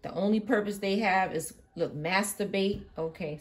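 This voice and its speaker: A woman's voice: mid-range voice, moderate pace, few pauses, heavy background noise. A woman doing a tarot reading in an emphatic, swearing, impassioned manner. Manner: emphatic, swears often, swings from quiet to loud outbursts. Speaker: tarot reader. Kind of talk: live tarot reading monologue.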